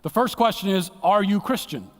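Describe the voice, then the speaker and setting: A man giving an earnest, dramatic sermon as a guest speaker in a church, dropping to a hushed low voice for emphasis. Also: expressive, normal speed. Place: church sanctuary. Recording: long church hall reverb.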